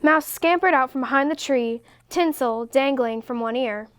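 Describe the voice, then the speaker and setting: A woman reading a children's picture book aloud in a slow, expressive way. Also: high-pitched, clear, resonant tone. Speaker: story reader. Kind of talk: storybook read-aloud.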